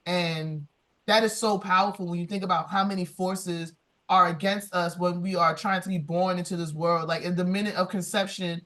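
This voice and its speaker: A woman's voice: on the low side, steady tone, normal speed, fairly bright tone. A woman speaking earnestly and emotionally on a conference panel, moved to tears. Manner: emotional, tearful, earnest and affirming. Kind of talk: heartfelt panel discussion.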